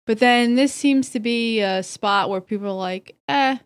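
A woman's voice: a little high, normal speed, smooth, no echo, clean studio sound. A woman co-hosting a casual podcast chat, playful and teasing. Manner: playful, teasing, laughs often. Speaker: podcast co-host.

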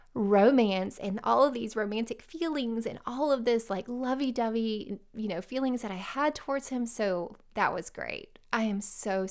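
A woman's voice: mid-range voice, vocal fry. A woman, chatting heartfelt and casual as a vlogger, often restarting her sentences. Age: late 30s. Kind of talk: casual personal chat.

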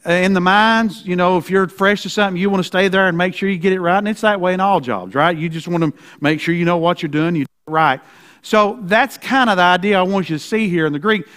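A male pastor preaching a sermon in a folksy, emphatic way, checking in with "right?" and slowing down to read scripture. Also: sits high, fairly bright tone. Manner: slows down to read scripture deliberately.

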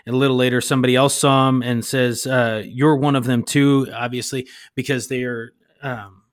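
A man's voice: medium pitch, flat delivery, normal speed, no room sound, clean studio sound. A man hosting a podcast, paraphrasing a Bible story in a rambling way and searching for words. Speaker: podcast host. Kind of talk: casual Bible discussion.

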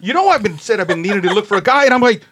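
A man tells a long anecdote on a podcast, acting out the people in it with a jumpy, excited delivery. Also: very fast. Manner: acts out quotes in a high excited voice, lots of "like" and "you know". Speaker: podcast guest telling a story. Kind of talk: animated storytelling.

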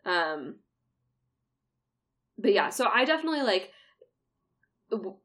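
A woman's voice: mid-range voice, big pitch swings, slow pace, fairly bright tone. A young woman in casual chat, speaking hesitantly with many fillers.

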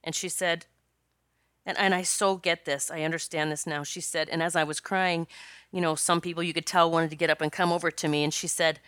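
A woman's voice: low-pitched, level tone, a little fast, a bit bright, smooth, no room sound, studio quality. A woman hosting her own podcast as a spiritual coach, telling a personal story in a chatty, rambling way with many restarts and laughs. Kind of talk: casual solo podcast storytelling.

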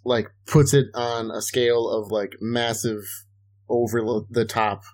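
This man's mid-range voice is flat, a little slow, and somewhat dark in tone. Co-hosting a podcast, he chats casually, wandering off on profane, loosely told stories full of filler words.

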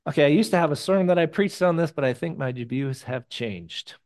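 A male pastor preaches a sermon in a loose, conversational style. His voice sits a little high. He drops to hushed asides, then rises into loud, animated bursts, and he mixes in jokey personal stories. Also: a little fast.

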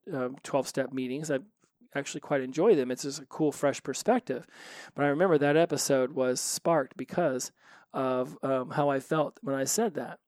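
A man's voice: mid-range voice, a little mellow, smooth, dry recording, studio quality. A man hosting a solo recovery podcast, talking earnestly and animatedly, often repeating phrases for emphasis.

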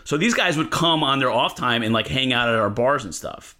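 A comedian guest on a podcast telling a story in an animated, profane way, full of fillers. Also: male voice, mid-range voice, a little fast.

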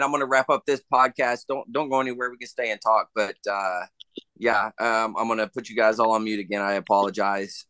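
A man hosts a veterans' podcast and closes the show in an earnest, plain-spoken voice. The sound is dry and close, with an ordinary mid-range pitch. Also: sharp tone, dry recording. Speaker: podcast host. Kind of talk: podcast sign-off.

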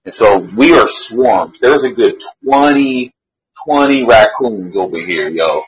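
A man telling a story in a casual chat, slangy, animated and swearing freely. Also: on the low side, measured pace, highs cut off.

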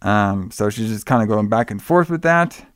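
A man's voice: lowish voice, animated, moderate pace, dry recording, studio quality. A man casually retelling a film's plot with lots of fillers and swearing. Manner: loose, profane retelling with many fillers. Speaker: podcast co-host recapping a film. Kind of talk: casual chat.

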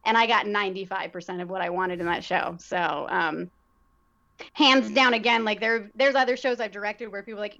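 A woman, a theater director and actor, talking casually and thoughtfully as a guest, pausing often to find her words. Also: mid-range voice, fairly bright tone. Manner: reflective, searching for words with many fillers. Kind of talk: casual conversation. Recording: dull lo-fi sound.

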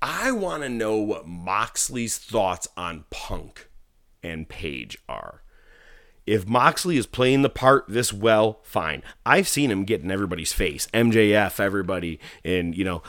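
A man's voice: on the low side, a little slow, no echo, studio quality. A man co-hosting a casual wrestling podcast, telling stories with lots of swearing and acting out what people said. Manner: animated storyteller, swears freely, acts out quotes. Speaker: podcast co-host.

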